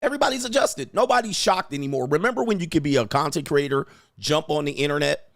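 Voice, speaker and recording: A man hosting a livestream, riffing loosely in slangy talk with frequent laughs and mimicry. His voice sits a little high for a man and carries a gravelly, creaky texture. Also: fast, a bit bright, dry recording, studio quality. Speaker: host and commentator. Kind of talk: livestream commentary.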